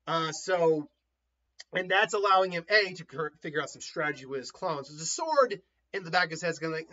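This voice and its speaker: A man casually retelling a story in an animated way, often laughing and acting out voices, on a dull lo-fi recording. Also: on the high side, fairly quick.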